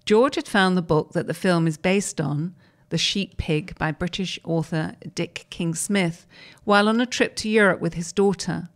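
A woman with a lowish voice hosts a program. She reads a first-person interview article aloud in a measured, storytelling style.

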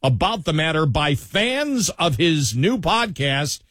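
A man with a Buffalo accent and a somewhat high, husky voice hosts talk radio. His delivery is loose and rambling, full of "you know." The sound is dry and close. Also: sing-song, slow, a bit bright, no room sound. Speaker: radio talk show host. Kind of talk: casual talk radio chat.

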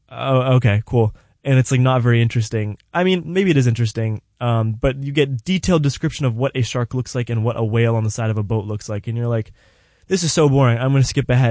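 A chatty young man gives a casual book review to camera. His pitch sits in the middle range and he uses plenty of fillers and playful retellings. The sound is dry and close. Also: a little mellow, dry recording.

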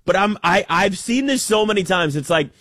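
Sarcastic, animated sports talker. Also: male voice, high-pitched, normal speed, no room sound, studio quality. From United States. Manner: animated, sarcastic, emphatic with many restarts. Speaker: sports commentator. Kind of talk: opinionated sports talk monologue.

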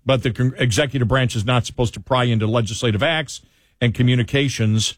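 A man's voice: medium pitch, fairly quick, dry recording. Radio host man, dry studio sound. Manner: rambling, restarts, reads a column aloud. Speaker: radio talk show host. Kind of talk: casual talk radio banter and commentary. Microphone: studio headphones and mic.

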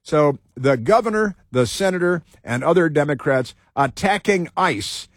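Male radio host, combative and repetitive, slightly high voice, dry sound. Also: animated, unhurried, dry recording. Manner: combative, repeats phrases for emphasis. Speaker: radio talk show host. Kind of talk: talk radio commentary.

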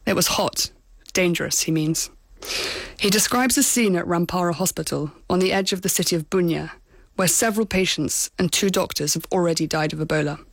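A woman foreign correspondent narrating a scripted report in a measured, sober storytelling manner. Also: lowish voice, dry recording.

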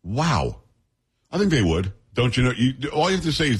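A middle-aged man hosts a radio talk show in a relaxed, joking way. His voice is a little husky, and he banters easily with a sidekick between segments. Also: medium pitch, normal speed. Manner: chatty, jokey banter with sidekick.

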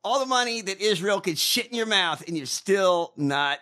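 A man's voice: high voice, animated, moderate pace, bright, forceful tone. A man riffing on politics with blunt, scornful humor, cursing as he talks. His voice sits a little above the usual male range, and he leans hard on his jabs. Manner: blunt, mocking, swears a lot. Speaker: podcast co-host. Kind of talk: casual profane political commentary.

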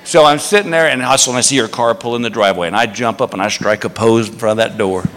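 A man telling a stand-up story on stage, animated and acting out other people's voices. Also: medium pitch, quick pace. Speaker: stand-up comedian. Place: comedy club stage. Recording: echoey live venue with crowd. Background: audience laughter.

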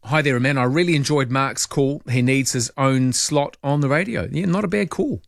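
A man's voice: mid-range voice, moderate pace, vocal fry, no room sound, studio quality. A man hosting a talkback radio show, chatting casually and musing aloud as he reads out listener texts. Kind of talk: late-night talkback radio chat. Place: radio studio. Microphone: studio microphone.

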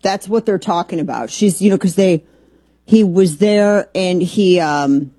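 A woman hosting a political talk radio show from a studio, sarcastic and animated, with rambling asides. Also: lowish voice, measured pace, no echo. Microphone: studio microphone.

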